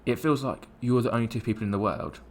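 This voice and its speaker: A man from England telling a rambling, animated travel story in casual podcast chat, with many restarts. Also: medium pitch, fast talker, slight background noise. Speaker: podcast co-host.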